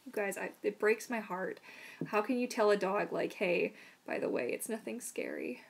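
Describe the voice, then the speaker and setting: A woman's voice: mid-range voice, big pitch swings, normal speed, creaky. A woman casually answering viewer questions on a live stream, chatty and rambling, unwell with throat trouble. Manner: chatty, rambling, soothing her dog in whispers.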